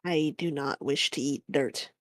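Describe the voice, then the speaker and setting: A woman playing a tabletop game, talking in a wry, expressive way and swearing casually. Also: low-pitched, measured pace, no room sound.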